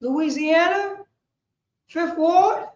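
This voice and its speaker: A woman teaching a scripture class, preaching with call and response, impassioned and rising to shouts, then dropping low. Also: very slow. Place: classroom at a group's headquarters. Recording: roomy, muffled room recording.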